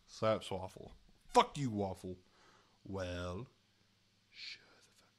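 A man's voice: low-pitched, slow pace. A man streaming a chat game, commenting casually, laughing often and swearing freely, and sounding short on sleep.

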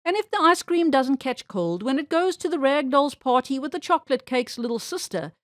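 High, lively woman reading a children's story. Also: brisk, dry recording, clean studio sound. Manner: expressive, animated storytelling. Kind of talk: children's story read-aloud.

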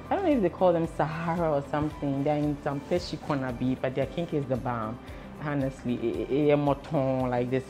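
A woman's voice: low voice, mellow. A young woman giving a chatty, emotional pregnancy update and mixing in pidgin phrases. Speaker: vlogger. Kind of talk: casual pregnancy update vlog.

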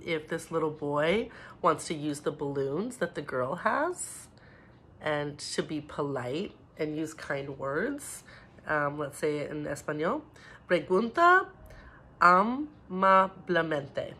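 Low-voiced teacher lady talking to little kids from home, gentle, soft hiss behind. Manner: gentle and encouraging, slips in Spanish words. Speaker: preschool teacher. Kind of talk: home video lesson for young children.

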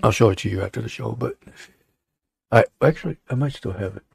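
Gravelly man hosting a casual live show. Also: medium pitch, lively intonation, a little fast, no echo. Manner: rambling, joking, many fillers. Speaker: show host. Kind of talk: casual livestream chat.

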